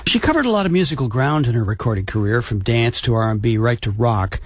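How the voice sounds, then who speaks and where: A man's voice: medium pitch, animated, brisk, slightly rough, dry recording. A man co-hosting a music show, laid-back in chat and reading set-ups from a script. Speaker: radio show co-host. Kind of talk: casual chat and scripted intros.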